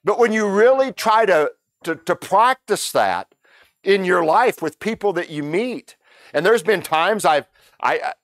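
Folksy man preaching in a halting way. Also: sits high, lively intonation, fairly bright tone, no room sound, clean studio sound. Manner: halting, repeats words, folksy storytelling. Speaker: pastor. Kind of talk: conversational Sunday sermon.

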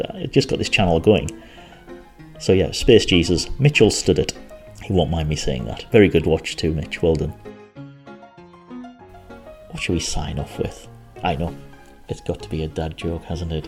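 A man with a very low voice hosts his podcast solo, chatting along in a rambling, easygoing way. A soft bed of music sits faintly underneath. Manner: chatty, rambling, self-deprecating. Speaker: podcast host.

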